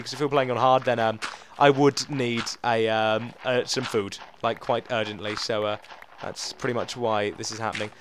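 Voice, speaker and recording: A young man giving rambling, chatty let's play commentary to his viewers, often jumping into excited outbursts. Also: mid-range voice, slight background noise. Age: young adult. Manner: chatty and rambling, talking to viewers while playing. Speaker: gaming channel host.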